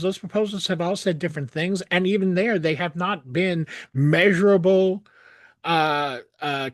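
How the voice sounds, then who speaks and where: Male analysis host, emphatic and scornful, restarts often, lively delivery, dead-dry room. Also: high voice, no room sound. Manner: indignant, sarcastic, emphatic with frequent restarts. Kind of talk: solo commentary reading and critiquing a document.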